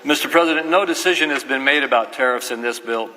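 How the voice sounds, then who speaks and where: A man senator giving a calm, matter-of-fact floor rebuttal. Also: medium pitch, fast talker. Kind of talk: formal floor speech. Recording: echoey chamber, faint noise.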